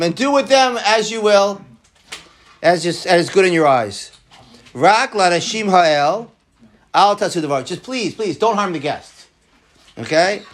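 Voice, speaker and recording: Animated man teaching a torah class. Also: sits high. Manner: animated, repeats words, quotes Hebrew texts.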